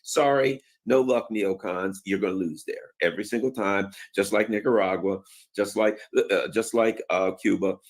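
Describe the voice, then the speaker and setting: A man delivering an off-the-cuff political commentary in a somewhat low voice. He talks loosely and colloquially, with plenty of fillers, and keeps breaking into sarcastic mock voices. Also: normal speed. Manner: sarcastic, acts out mocking voices; colloquial, many fillers and asides.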